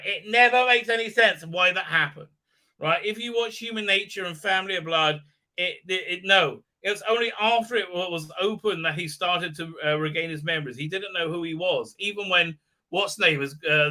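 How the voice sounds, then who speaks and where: A man's voice: on the high side, sharp tone. A man hosting his own channel, recapping an episode in a mocking rant. He fills his talk with "uh, uh" and keeps asking "right?", and mimics the characters in exaggerated voices. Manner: heavy "uh, uh" fillers and repeated "right?". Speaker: channel host.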